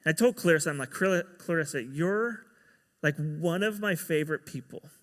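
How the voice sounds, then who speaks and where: A man's voice: a little high, moderate pace, in a large hall. A man giving a sermon as pastor, telling a story and acting out the quoted dialogue.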